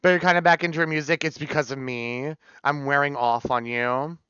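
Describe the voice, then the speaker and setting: A young man streaming live, chatting casually and gushing with sudden shrieks of excitement. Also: a little high, brisk, smooth, no room sound. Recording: slightly dull, dry sound.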